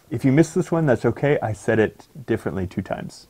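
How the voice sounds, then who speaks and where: A man's voice: on the low side, expressive, mellow. A man teaching an English pronunciation lesson for exam students, giving instructions and emphatic reminders. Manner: slow deliberate dictation of example sentences.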